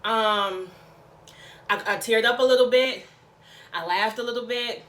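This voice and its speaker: A woman's voice: a little high, measured pace, a bit bright. A woman vlogger giving a sassy, chatty recap of a TV episode, tagging her sentences with "okay?". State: out of breath. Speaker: YouTube vlogger. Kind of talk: casual TV recap vlog.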